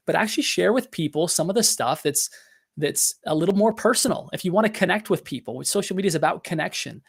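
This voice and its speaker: With a gravelly voice on the high side, a middle-aged man hosting a business podcast speaks in a motivational, earnest and confessional tone. He uses lots of fillers and often restarts.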